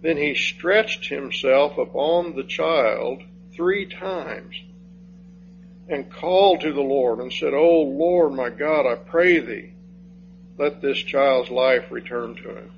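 Slow, emphatic preacher, muffled recording. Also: male voice, vocal fry. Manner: slow, emphatic, rising on key phrases and dropping low for scripture reading. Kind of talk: expository sermon. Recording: dull lo-fi sound with faint hum.

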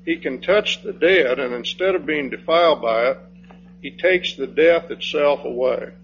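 A man preaching an expository sermon, slow and emphatic, rising on key phrases and dropping low when he reads scripture. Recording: dull lo-fi sound with faint hum.

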